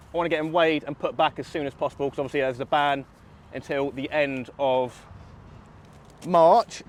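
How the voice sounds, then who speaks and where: A young man from England talking viewers through a fishing trip outdoors by a river, chatty and explaining each step. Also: a little high. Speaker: angling vlogger. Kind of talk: fishing vlog commentary.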